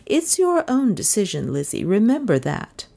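A woman's voice: mid-range voice, huge pitch swings, moderate pace, creaky, mellow, pitched above the performer's own voice. A woman reading an audiobook who voices a prim, composed older lady running her household. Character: prim elderly spinster mistress of the house.

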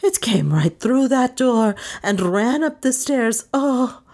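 A woman voicing a hysterical, terrified woman servant in a shrill, squealing voice. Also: animated, unhurried.

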